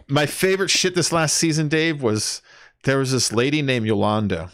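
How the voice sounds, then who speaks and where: A man's voice: medium pitch, lively intonation, moderate pace, fairly bright tone, no room sound. A young man streaming a game, chatting casually and rambling, with some swearing and counting aloud as he plays. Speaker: gaming streamer. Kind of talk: casual gameplay chat.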